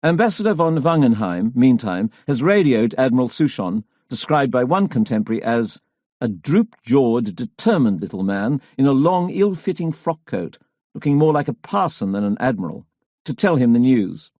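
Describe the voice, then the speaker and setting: A male audiobook narrator reading history in a measured, storytelling manner. His voice is mellow and dark at a middle pitch, and the sound is dry and close. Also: very animated, no room sound. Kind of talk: scripted narration.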